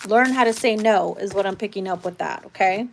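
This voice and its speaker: A woman's voice: mid-range voice, brisk, creaky, slight background noise. A woman giving a casual live tarot reading, talking bluntly and swearing freely. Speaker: tarot reader.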